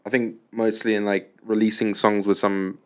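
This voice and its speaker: This is a man with a very deep voice, hosting a podcast in an easygoing, conversational way. He swears casually and chuckles often as he chats. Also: little pitch movement, moderate pace, a little mellow. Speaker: podcast host. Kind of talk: casual chat.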